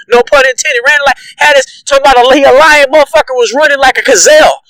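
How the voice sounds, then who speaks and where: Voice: sits high, fast talker, a bit bright, no echo, rough recording. A reaction vlogger giving heated, profane commentary, ranting with repeated emphatic jabs and frequent laughter.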